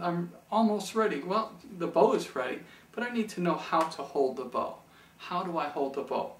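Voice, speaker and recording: A man's voice: high-pitched, slight background noise. A man teaching a beginner violin lesson on video, patient and repeating key phrases for beginners. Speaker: music teacher. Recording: echoey room from far off.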